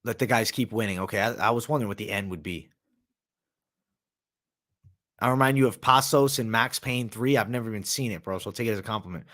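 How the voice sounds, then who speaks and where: A man with a fairly low, fairly bright voice talks fast but leaves long pauses. He's an MMA analyst hosting a live stream, reading viewer comments aloud in a loose, casual chat full of slang and swearing. He eats as he talks, sometimes with his mouth full.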